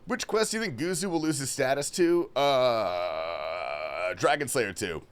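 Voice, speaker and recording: Young male streamer from Australia, loose and profane, with a lively, bouncy delivery. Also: medium pitch, a little slow, clean tone. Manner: reads chat questions aloud and answers loosely, swearing often. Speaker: livestream host. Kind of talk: casual gaming stream chat. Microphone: headphones and desk mic.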